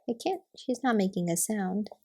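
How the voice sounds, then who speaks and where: A young woman reading a picture book aloud to small children, gently naming the pictures and asking questions. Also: medium pitch, lively intonation, normal speed. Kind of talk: storybook reading to toddlers.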